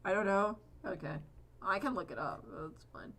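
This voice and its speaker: Female streamer, bright voice; loose, chatty, profane live-stream banter while drawing. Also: mid-range voice, big pitch swings, moderate pace. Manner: rambling, chatty, swears freely.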